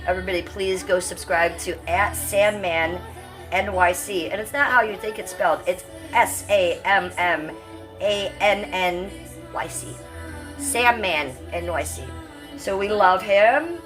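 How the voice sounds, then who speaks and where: A woman's voice: medium pitch, unhurried, a bit bright, faint music behind. A woman in her fifties hosting a casual livestream, brash, profane and rambling as she reads out chat comments. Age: 50s. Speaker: livestream host.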